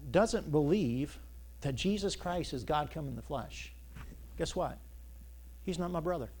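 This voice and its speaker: A pastor preaching a sermon, asking the congregation call-and-response questions and building to loud, emphatic stretches. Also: male voice, fairly high pitch.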